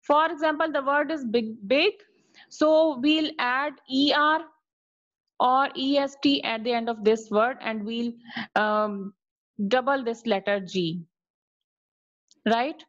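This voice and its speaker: A woman teacher with a fairly high voice walks her class through grammar rules over a video call. She explains slowly, repeats each point and keeps checking whether it is clear. The audio is dull and lo-fi. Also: fairly bright tone, no room sound. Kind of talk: online grammar lesson.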